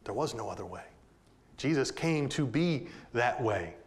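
Male pastor mid-sermon, direct with his flock, quiet reflection building to ringing emphasis. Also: mid-range voice, lively intonation, measured pace. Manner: rises to loud emphatic peaks, drops to soft intimate tones; addresses listeners directly as "folks".

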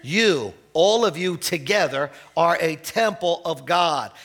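A high-pitched man delivers a sermon in a loose, conversational way. He stumbles over restarts and clears his throat now and then, and his voice climbs when he reads scripture aloud. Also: lively intonation, slow pace, fairly bright tone. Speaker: pastor.

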